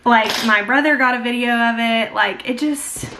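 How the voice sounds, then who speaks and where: A woman's voice: a little high, moderate pace, background noise. A young woman chatting casually while she does her makeup, gushing and filling her talk with many "like"s. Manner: gushing, filler-heavy, many "like"s. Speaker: beauty vlogger. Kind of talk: casual get-ready-with-me chat.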